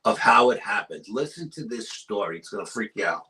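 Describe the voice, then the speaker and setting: A man, a paranormal researcher appearing as a guest, telling a story in casual chat with urgent energy and dropping to hushed tones for suspense. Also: on the low side, expressive, brisk, low-quality recording.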